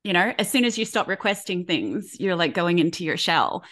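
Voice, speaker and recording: A woman's voice: on the low side, lively intonation, normal speed, fairly bright tone. A woman hosting a podcast, musing aloud in casual chat, in loose phrases. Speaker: podcast host.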